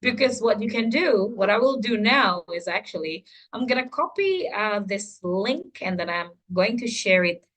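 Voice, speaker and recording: A woman's voice: medium pitch, normal speed, hardly any pauses, poor audio. A woman trainer running an online workshop for English teachers, giving instructions in an encouraging way with frequent fillers. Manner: animated, encouraging, many fillers.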